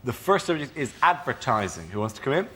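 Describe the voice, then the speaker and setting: A man hosting a comedy panel show, announcing rounds and calling on panelists briskly. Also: medium pitch, big pitch swings, bright, forceful tone, breathy edge. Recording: noisy studio with audience. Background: studio audience.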